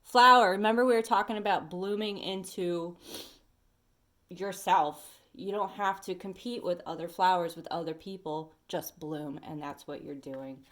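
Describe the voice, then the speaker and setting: A woman's voice: on the low side, moderate pace. Chatty woman giving a tarot reading. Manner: chatty and animated, talks to the viewer; sings snatches of songs and talks to bugs. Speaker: tarot reader. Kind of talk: casual weekly energy reading. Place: at home.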